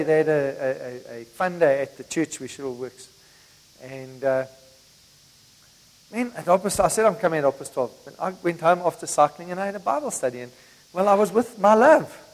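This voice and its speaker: A middle-aged man preaches to his congregation in a relaxed, conversational way, mixing personal stories into the message. His voice sits high for a man. The sound carries the long reverb of a church hall. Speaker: pastor. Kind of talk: sermon.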